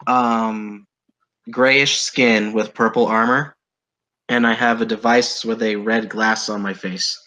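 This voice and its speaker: Bright-voiced guy at a tabletop game, halting, lots of ums. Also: lowish voice, steady tone, rough recording. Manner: slow, halting narration in third person. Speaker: player.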